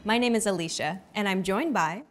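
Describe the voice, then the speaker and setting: A woman's voice: medium pitch, a little fast, soft background music. A young adult woman hosting a language lesson, with a scripted, upbeat coaching delivery.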